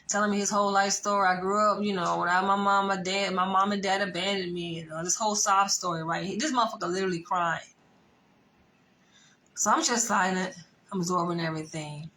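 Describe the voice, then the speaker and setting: Young woman, bright and crisp, spilling a dating story to camera; animated, swears freely, talks straight at the viewer. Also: medium pitch, fairly quick, slight background noise, low-quality recording. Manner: animated, profane, conversational storytelling. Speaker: vlogger telling a dating story. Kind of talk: casual storytime monologue.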